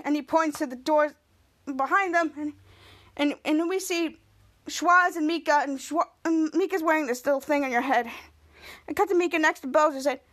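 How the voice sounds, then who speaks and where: A woman's voice: high-pitched, moderate pace, fairly bright tone. A woman podcast host casually recapping a TV episode scene by scene, often restarting her sentences. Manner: scene-by-scene retelling with frequent restarts.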